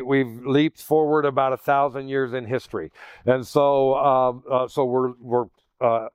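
A man preaching a sermon in a casual, animated way, acting out quoted voices as he goes. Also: mid-range voice, clean tone, no echo, clean studio sound. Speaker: pastor.

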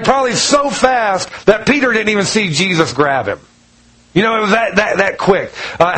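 High-voiced man preaching casually. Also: fairly bright tone, rough recording. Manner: conversational storytelling, chuckles. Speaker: pastor. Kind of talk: casual sermon.

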